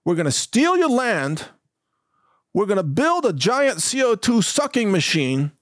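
A man's voice: sits high, very animated, unhurried, a bit bright, no room sound, studio quality, pitched above the performer's own voice, heavily acted. A man voicing a menacing male state official with a mock Brooklyn gangster accent, taunting and threatening.

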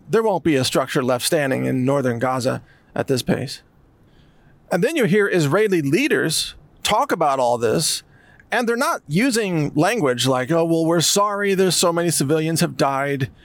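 A man's voice: fairly high pitch, expressive, unhurried, dry recording. A man delivering an emphatic, sarcastic commentary monologue. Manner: emphatic, sarcastic, mocks others in put-on voices. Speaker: political commentator.

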